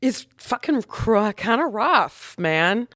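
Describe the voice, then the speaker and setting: A woman's voice: fairly high pitch, very animated, takes it slowly, fairly bright tone, no room sound, studio quality. A woman co-hosting a podcast in casual chat, recapping animatedly and swearing freely. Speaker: podcast co-host.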